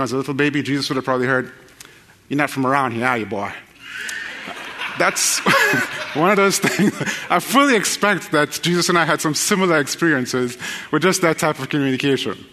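A man preaching a sermon, joking with the congregation and then reading scripture quickly. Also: fairly high pitch, animated, bright, forceful tone, big-room sound. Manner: folksy, joking, addresses the crowd directly.

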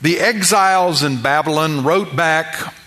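A man's voice: fairly high pitch, unhurried, pushed and bright. A middle-aged man preaching a sermon as pastor, emphatic and building his points through repeated phrases.

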